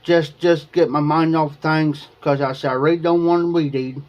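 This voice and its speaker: A man's voice: on the high side, level tone, normal speed, muffled recording. A man hosting a livestream, telling a long personal story in a rambling way, repeating himself and quoting what was said. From Ohio. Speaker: livestream host. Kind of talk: casual storytelling to viewers.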